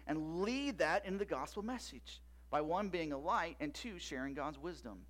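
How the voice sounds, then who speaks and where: Guy pastor preaching, pretty high voice, gets loud then drops soft, keeps asking "right?". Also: moderate pace. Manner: animated preaching, rising loud emphasis and soft low asides; frequent tag questions to the congregation. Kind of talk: sermon.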